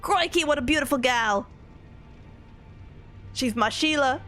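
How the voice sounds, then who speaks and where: A woman voicing an excitable Australian wildlife enthusiast in a deliberately bad put-on Australian accent, gushing and exclamatory. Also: sits high, soft background music.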